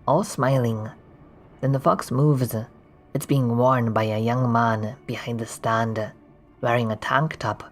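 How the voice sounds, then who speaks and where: A streamer casually narrating a text adventure game, reading the descriptions aloud with quick offhand asides. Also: mid-range voice, steady tone, soft background music.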